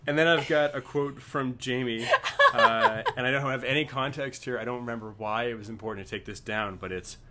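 A man's voice: mid-range voice, fairly even intonation, brisk, hardly any pauses. A man who is a guest on a casual podcast chat, joking in a wry way about his tasting notes. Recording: loud background noise.

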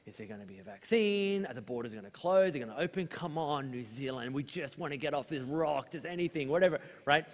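A young adult man with an Australian accent, preaching a sermon as pastor in a relaxed, storytelling way with lively asides. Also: on the high side, brisk, gravelly, few pauses. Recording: long hall reverb.

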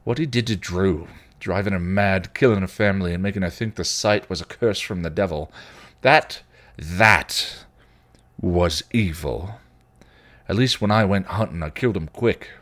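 Man reading as a bitter, short-fused male vampire with a deep, snarling delivery. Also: a little fast, hardly any pauses, natural voice. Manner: snarling, ranting. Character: volatile bitter male vampire, hot-tempered.

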